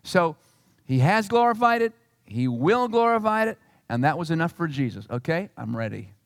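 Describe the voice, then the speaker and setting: A male pastor preaching a sermon in an animated, emphatic way. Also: sits high, moderate pace, dry recording, studio quality, in a large hall. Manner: animated and emphatic, acting out quotes.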